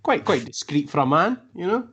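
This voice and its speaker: A man's voice: fairly high pitch, sing-song, a little fast, a bit bright, slightly rough. A man co-hosting a casual basketball podcast, speaking with wry, dry humour and hesitant fillers. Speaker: podcast co-host. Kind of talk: casual chat.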